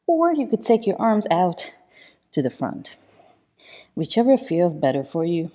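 A woman's voice: lowish voice, big pitch swings, unhurried, mellow. Breathless, encouraging woman pilates instructor. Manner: encouraging, counts reps, demonstrates while talking. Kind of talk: instructional workout coaching.

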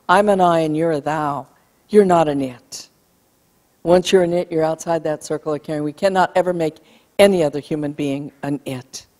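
A woman delivers an emphatic keynote on bullying to a live audience, acting out the words of parents and kids. Her voice is fairly low and a little mellow, and the recording carries a long hall reverb.

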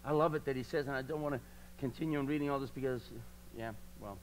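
A man preaching a sermon at a church service, repeating lines passionately and swinging between quiet talk and loud declarations. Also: medium pitch, fairly even intonation, racing, a little hiss or hum, low-quality recording.

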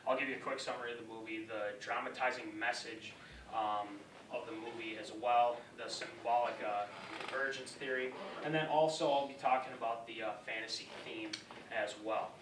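A man's voice: medium pitch, fairly even intonation, normal speed, background noise. Young man giving a rambling class talk. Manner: casual, rambling, loose phrasing. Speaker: student presenter. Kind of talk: class presentation. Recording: roomy classroom sound, from far off.

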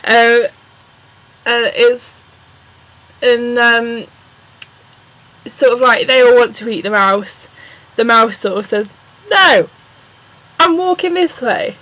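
A young woman with an English accent, chatting excitedly and rambling through a casual vlog with plenty of ums. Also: fairly high pitch, slow, long pauses, rough recording. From England. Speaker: vlogger.

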